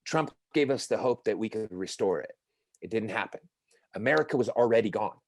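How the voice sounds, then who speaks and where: A man's voice: fairly low pitch, expressive, brisk, dry recording. A man in casual podcast chat, talking in an emphatic, profane, ranting way.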